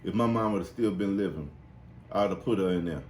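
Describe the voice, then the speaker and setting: This podcast host talks fairly quickly as he tells animated, profanity-laced stories, putting on high-pitched voices to play the characters. The recording has a roomy echo and slight noise.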